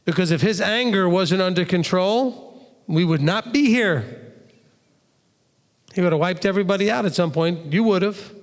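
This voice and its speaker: High-voiced man teaching in echoing hall. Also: normal speed, pauses often. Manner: animated, acts out quoted speech, asks rhetorical questions. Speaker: Bible teacher answering questions. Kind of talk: conversational Bible teaching Q&A. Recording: long hall reverb.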